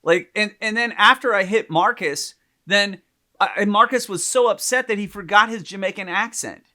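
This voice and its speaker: A man's voice: high-pitched, normal speed. A man co-hosting a podcast, telling a personal story in casual chat and acting out the people he quotes. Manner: animated storyteller, acts out quotes loudly. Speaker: podcast co-host.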